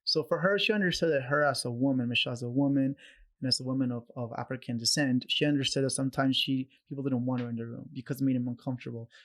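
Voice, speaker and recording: A man, a podcast guest, telling stories in a conversational way, animated and acting out quoted voices, with many restarts. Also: medium pitch, fast. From Canada. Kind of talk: conversational storytelling.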